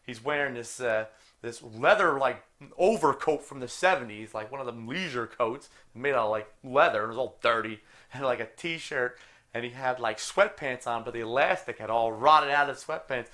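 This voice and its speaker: A man from New Jersey spins a loose, profane story for his friends, padding every turn with "like" and "you know." His voice sits at an ordinary middle pitch, and he keeps the tale rolling in a casual, unpolished way. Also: moderate pace, sharp tone. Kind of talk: casual anecdote telling.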